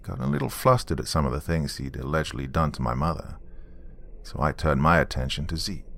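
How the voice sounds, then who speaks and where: A man with a very deep, low voice tells a true story from his days as a police officer. His delivery is dry and matter-of-fact, with wry dark humor. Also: vocal fry. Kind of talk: storytelling narration.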